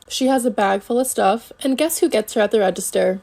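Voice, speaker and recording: A woman's voice: mid-range voice, brisk, creaky, hardly any pauses, a little mellow. A woman who works retail, telling a casual storytime in a sassy, conversational way. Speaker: retail worker.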